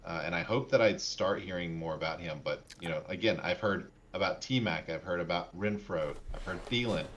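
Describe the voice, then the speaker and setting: A man co-hosting a casual sports podcast, talking in a relaxed, rambling way with plenty of fillers. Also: deep voice, moderate pace, hardly any pauses. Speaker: podcast co-host. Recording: dull lo-fi mic.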